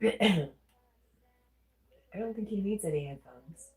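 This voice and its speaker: A woman with a Southern accent and a stuffy nose hosts a livestream, chatting casually and reading viewer comments aloud, then answering them. Her voice is medium-pitched, animated and slow, with a darkish tone and a roomy sound.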